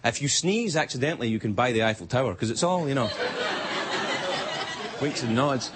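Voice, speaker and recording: A man's voice: medium pitch, expressive, brisk, over a noisy crowd. A man with a Scottish accent delivering a rambling, wry late-night stand-up monologue in a TV studio. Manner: wry, rambling, jumps into silly voices. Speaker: late-night talk show host. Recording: TV studio with audience laughter and noise.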